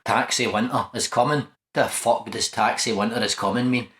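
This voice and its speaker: A man's voice: mid-range voice, steady tone, moderate pace, a bit bright, roomy sound. A man with a Glaswegian Scottish accent, answering his mate with dry, scoffing, sweary comebacks. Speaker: comedy sketch performer. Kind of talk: scripted comedy chat.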